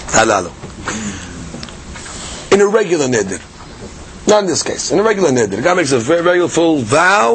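A man teaching a daily Talmud class, his voice set a little higher than most. He explains in an animated, chatty way, full of fillers and restarts. A faint noise sits behind the recording.

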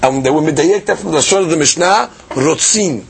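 A man giving a daily Talmud lesson, explaining in a lively conversational way with many fillers and restarts. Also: a little high, brisk, gravelly, a little hiss or hum. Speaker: Talmud teacher.

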